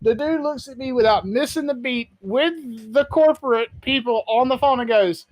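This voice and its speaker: Woman podcast host, dry close sound, lively storyteller who curses. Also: fairly high pitch, moderate pace, no room sound. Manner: animated storyteller, swears freely, acts out quotes; laughs while telling. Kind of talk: casual chat.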